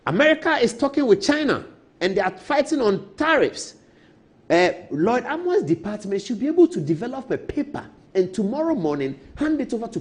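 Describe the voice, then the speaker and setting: Fast, lively Ghanaian man on TV. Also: extremely high pitch. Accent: Ghanaian English. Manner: emphatic, repeats key points, storytelling asides. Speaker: political commentator. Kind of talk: animated TV political commentary. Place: TV studio.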